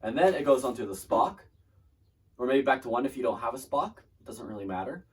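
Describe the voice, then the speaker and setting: A man's voice: mid-range voice, animated, brisk, a little hiss or hum. A man giving a casual, chatty drumline lesson, breaking down snare and tenor parts and trailing off mid-demonstration. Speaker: drumline instructor. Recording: distant mic with loud drum music.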